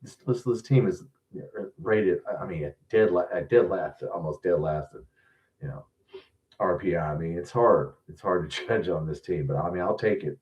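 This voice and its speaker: A man's voice: deep voice, moderate pace, a little mellow. A man hosting a sports stream, ranting bluntly and profanely in casual commentary, often restarting his sentences. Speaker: sports show host. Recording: distant, dull lo-fi mic.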